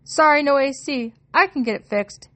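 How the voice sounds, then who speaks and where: Lady putting on a chatty taxi guy, almost british accent, loud and jokey, pitched way up. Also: normal speed. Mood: joking. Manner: joking, loud, upbeat. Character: cheerful chatty male taxi driver.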